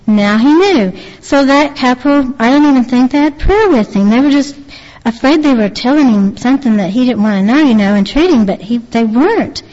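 A woman's voice: high-pitched, lively intonation, darkish tone. Earnest woman preaching in a reverberant hall. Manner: earnest, halting, with frequent restarts. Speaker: lay preacher retelling a testimony. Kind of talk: devotional storytelling. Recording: long reverb, dull lo-fi sound.

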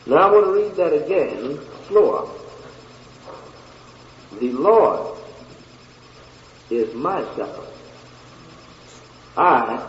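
A man preaching a sermon and reading scripture slowly and deliberately, with long pauses between phrases. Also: mid-range voice, reverberant, in a large hall, lo-fi sound, slight background noise.

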